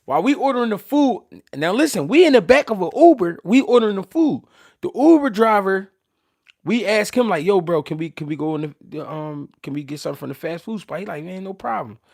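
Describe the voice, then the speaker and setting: A man's voice: sits high, a little fast, gravelly. Slang-heavy Philly man telling stories. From Philadelphia, USA. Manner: animated, slangy, profane, restarts sentences often. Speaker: show host. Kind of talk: casual storytelling.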